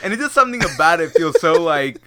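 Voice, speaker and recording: A man's voice: fairly high pitch, very animated, fast talker, sharp tone. A young man, son of Hispanic immigrants, telling an awkward story on a podcast, laughing often and swearing freely. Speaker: podcast host. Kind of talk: casual storytelling chat.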